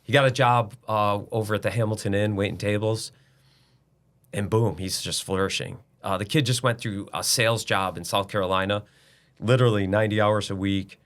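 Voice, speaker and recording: 低沉直率的中年男人. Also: male voice, on the low side, fairly even intonation, a little fast, fairly bright tone. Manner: blunt and emphatic, with mild swearing. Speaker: business owner guest. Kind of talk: casual interview talk.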